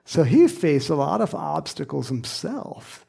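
A man's voice: fairly high pitch, big pitch swings, measured pace, creaky, mellow, slightly rough. A man preaching a conversational sermon, acting out quoted lines and dropping at times to a whisper. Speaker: pastor.

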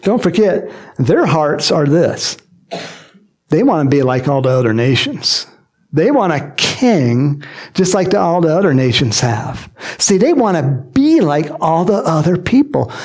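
A man preaching a sermon in a lively, joking manner, acting out quotes and adding chuckling asides as he explains a Bible passage. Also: fairly high pitch, unhurried. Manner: animated and jokey, acts out quotes, frequent chuckles and asides.

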